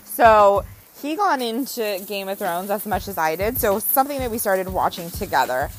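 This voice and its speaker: A woman's voice: mid-range voice, moderate pace, soft background music, rough recording. A young adult woman vlogging in a casual, dramatic storytelling manner. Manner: dramatic, animated storytelling with acted quotes. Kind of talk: casual chat to camera.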